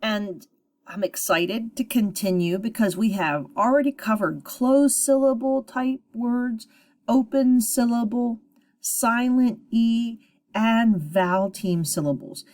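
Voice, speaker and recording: A woman teacher giving a phonics lesson to children, sounding out syllables slowly and encouragingly. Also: a little high, a little mellow.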